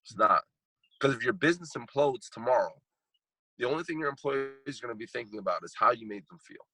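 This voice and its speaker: A man's voice: mid-range voice, expressive, a little fast, bright, forceful tone, rough recording. A man telling a heartfelt personal story as a podcast guest, earnest and repeating phrases for emphasis. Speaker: guest speaker and coach.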